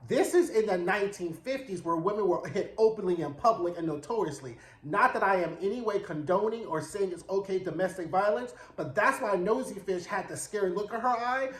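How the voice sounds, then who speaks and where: A man with a high voice runs through a TV episode in a loose, sassy way, full of slang and swearing. He keeps slipping into the characters' lines as he tells it. The sound carries a noticeable room echo. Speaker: TV recap reviewer. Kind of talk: casual show recap.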